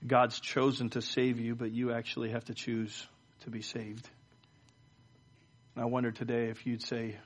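A man's voice: medium pitch, flat delivery, normal speed. A middle-aged pastor gives a sermon to his church. He speaks in a mid-range voice and often stumbles over repeated words. He moves between telling stories and leading a prayer. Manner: storytelling with frequent stammered word repeats. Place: church service.

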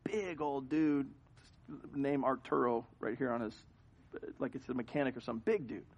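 A man preaching a sermon as pastor, telling a story with animated swings from hushed to loud. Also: medium pitch, moderate pace, husky, dull audio. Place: church sanctuary.

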